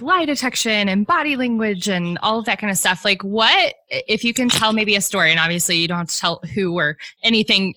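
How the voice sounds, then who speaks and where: A woman's voice: mid-range voice, bright, forceful tone, dry recording. A woman hosting a remote interview, asking questions casually and backing up her guest with friendly affirmations. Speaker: interview host. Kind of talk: conversational interview.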